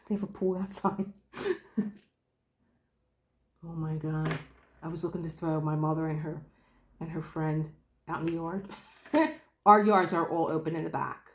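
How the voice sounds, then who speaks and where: A woman's voice: sits low, steady tone, unhurried, long pauses, a little hiss or hum. A woman vlogging at home about her craft, chatting casually, acting out quoted dialogue and laughing often. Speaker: diamond painting vlogger. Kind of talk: casual storytelling chat. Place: room at home. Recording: roomy home room echo.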